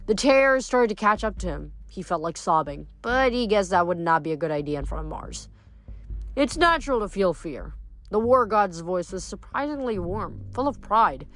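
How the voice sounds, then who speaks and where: A woman's voice: medium pitch, animated, moderate pace, few pauses, fairly bright tone. A woman reading chapters of a novel aloud expressively, with small restarts now and then. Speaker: audiobook reader.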